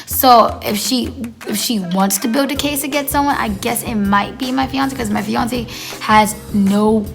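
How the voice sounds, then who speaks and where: A woman tells a casual storytime in a gravelly, slightly high voice. She rambles and leans on fillers, slipping into quoted dialogue as she goes. Faint music plays behind her. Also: measured pace. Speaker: storytime vlogger.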